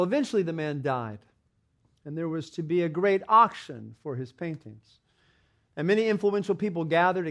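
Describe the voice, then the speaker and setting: A man with a somewhat high-pitched voice delivers a sermon. He tells a story with dramatic swings, lifting his voice for the characters and letting it drop low and soft at the tender moments. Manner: dramatic retelling of a parable, voicing characters with rising intensity; quiet, slow and reverent in prayer. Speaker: preacher.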